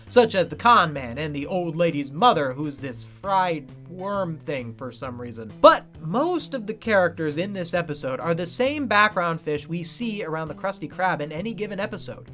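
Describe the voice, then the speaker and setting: A man's voice: high-pitched, sharp tone. A man giving scripted video-essay narration about cartoon writing, analytical and emphatic.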